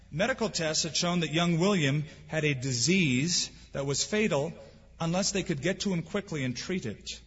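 Pastor guy preaching, a bit high and husky, big echoey church, kinda muffled. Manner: earnest, emphatic preaching with rhetorical questions. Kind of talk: sermon. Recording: dull lo-fi sound with long hall reverb.

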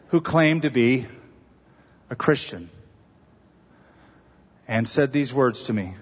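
A man's voice: mid-range voice, expressive, takes it slowly, long pauses, slightly rough. A man preaching a sermon as pastor, conversational with humor and emphatic stresses. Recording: dull reverberant sanctuary recording.

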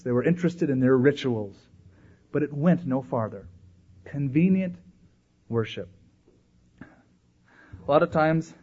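Guy preaching a sermon, husky voice, bounces up and down a lot, sorta dull lo-fi sound. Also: mid-range voice. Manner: animated, acts out voices in quotes. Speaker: pastor. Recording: dull lo-fi recording.

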